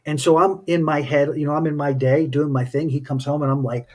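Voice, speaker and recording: Brisk and level in tone, his slightly high, somewhat mellow voice carries a spiritual teacher's reflective talk. He tells personal stories thoughtfully in a relaxed style.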